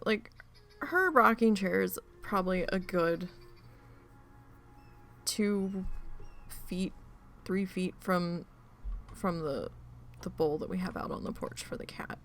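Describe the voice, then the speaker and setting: A woman's voice: fairly low pitch, slow pace, a little hiss or hum. A woman streamer telling a family story in casual chat, swearing freely and acting out quoted voices. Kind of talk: casual storytelling while gaming.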